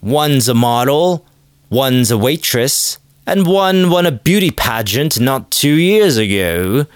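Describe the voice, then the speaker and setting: A smug, bragging male podcaster with the faintest British accent, put on by a man mid-rant. He drawls his boasts slowly and with great self-satisfaction. The voice sits in a mid range and is recorded dry and close. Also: medium pitch, sing-song, smooth, dry recording.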